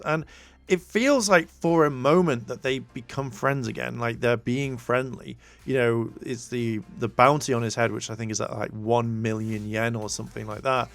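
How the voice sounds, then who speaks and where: A man's voice: medium pitch, normal speed, gravelly, fairly bright tone, dry recording, faint music behind. A man recapping a TV episode in a casual, rambling way, full of fillers and restarts. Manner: rambling, many fillers, acts out quotes. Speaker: TV show reviewer.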